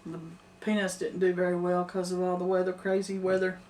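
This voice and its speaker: A woman's voice: on the low side, monotone, fairly quick, a little mellow, slight background noise. Earnest older woman, off-mic. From Middle Tennessee. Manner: earnest, emphatic, laughs easily. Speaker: homesteader. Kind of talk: casual chat. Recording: distant mic.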